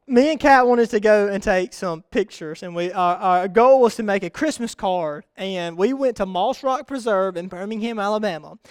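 A man preaching a sermon, telling a rambling personal story with sudden excited bursts. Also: sits high, unhurried, smooth, no room sound. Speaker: pastor.

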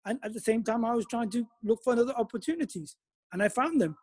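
A man's voice: extremely high pitch, expressive, fast, no room sound, studio quality. A man talking as a guest in a casual chat, giving emphatic advice. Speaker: guest, businessman.

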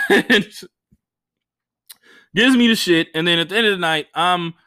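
A man, a stand-up comedian, telling a profane story in a casual, animated way and acting out what other people said. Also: high-pitched, unhurried, clean tone, no room sound, clean studio sound.

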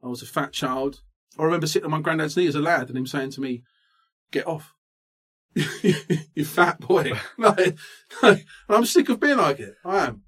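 A podcast co-host in his late thirties, his voice slightly higher than most men's, rants quickly during a comedy chat. He's animated and self-mocking, frequently cracking up with laughter in this casual comic rant.

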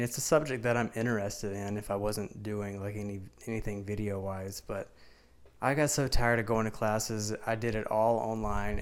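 A man's voice: fairly low pitch, clear, resonant tone. A man in his twenties from Mississippi with a Southern accent, chatting bluntly and casually as a podcast co-host. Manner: laid-back, blunt, swears freely.

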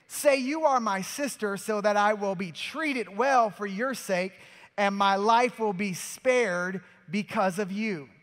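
A man preaching a sermon as pastor, emphatic, swinging from loud passages to quiet ones. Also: sits high, long reverb tail.

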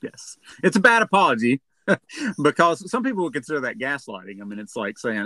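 A man's voice: on the high side, expressive, a little fast, pushed and bright, no room sound. A man co-hosting a counseling podcast, explaining in an earnest, conversational way and often repeating words as he speaks.

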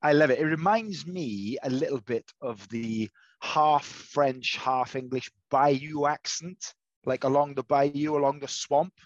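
A man's voice: mid-range voice, unhurried, dry recording, lo-fi sound. A man co-hosting a casual video call chat, teasing his co-host playfully.

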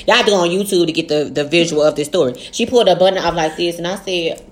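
A young adult woman co-hosting a casual podcast, telling stories in a fast, animated way with lots of cursing. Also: lowish voice. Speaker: podcast co-host. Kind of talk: casual chat.

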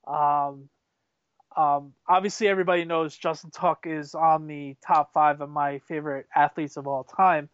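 Male co-host, fairly high smooth voice, excitable rambling storyteller. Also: normal speed, no room sound, lo-fi sound. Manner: rambling, excitable, many fillers and restarts. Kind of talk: casual storytelling chat.

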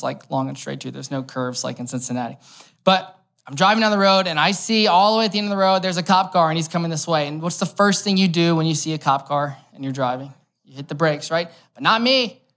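A man's voice: fairly high pitch, a bit bright. A young man preaches in an easygoing, conversational way, as if chatting with the room. He moves between explaining a passage and telling a personal story, with light humor along the way. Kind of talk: conversational sermon.

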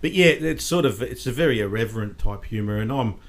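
A man's voice: mid-range voice, lively intonation, a little fast. An Australian man in his forties, a podcast guest, telling stories in casual, bantering chat. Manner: bantering storyteller, says mate a lot.

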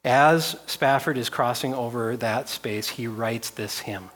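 A man's voice: mid-range voice, slow, a bit bright. Man preaching with rising intensity. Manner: reads scripture aloud with rising intensity, repeats phrases. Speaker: pastor. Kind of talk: sermon.

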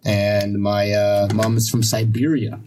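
A man's voice: on the low side, flat delivery, unhurried, a little mellow, a little hiss or hum. A man in his thirties, born in Russia and raised in Canada, chatting easily as a podcast guest. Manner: easygoing, laughs often, many fillers. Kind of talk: casual conversation.

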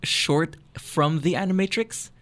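A man's voice: on the high side, measured pace, fairly bright tone. A man co-hosting a casual podcast, eagerly explaining film theories at length with frequent restarts. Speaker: podcast co-host.

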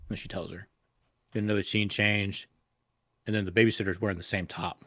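A man's voice: on the low side, little pitch movement, brisk, long pauses, a bit bright, no echo. A man co-hosting a casual podcast, retelling scenes in a crude, rambling way full of swearing. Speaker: podcast co-host.

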